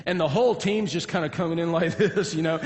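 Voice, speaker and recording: Man, pastor, lively folksy sermon storyteller, fairly high voice, long hall reverb. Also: quick pace, slight background noise. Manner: animated, folksy, humorous storytelling.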